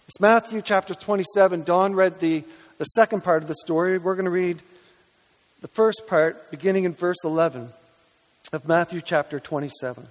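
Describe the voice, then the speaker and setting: A man with a high voice preaches an earnest, emphatic sermon and reads scripture between his points. His words ring out with a long reverb, as in a large church hall. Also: normal speed. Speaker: pastor.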